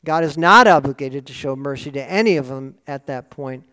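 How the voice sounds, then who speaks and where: A man preaching a sermon in an earnest, lively way, often asking rhetorical questions. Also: medium pitch, moderate pace, clear, resonant tone. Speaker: pastor. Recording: long reverb of a large hall.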